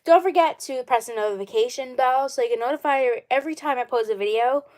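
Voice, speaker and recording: A woman with a fairly high voice talks on her own live stream in a loose, casual way. She rambles and circles back, repeating the same phrases again and again. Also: fast, darkish tone. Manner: rambling and repetitive. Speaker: channel host.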